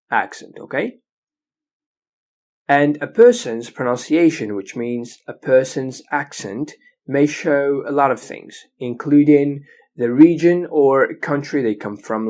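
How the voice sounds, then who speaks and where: Male teacher lecturing, patient, frequent "okay?" checks. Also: medium pitch. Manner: explains slowly, often checking with "okay?". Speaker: English teacher. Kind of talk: recorded lecture.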